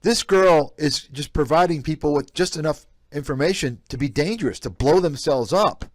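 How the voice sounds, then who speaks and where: A man's voice: fairly high pitch, normal speed, dry recording, studio quality. A man giving blunt, scornful commentary on a live stream, reacting to clips. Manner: blunt, scornful, repetitive ranting. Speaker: host, investment analyst.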